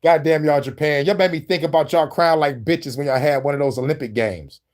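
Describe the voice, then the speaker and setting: A man's voice: fairly quick, a little mellow. A man hosting a show, giving casual, profane commentary on clips. He rambles and laughs often. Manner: rambling, laughs often, jumps into squeaky bits. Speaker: host reacting to clips.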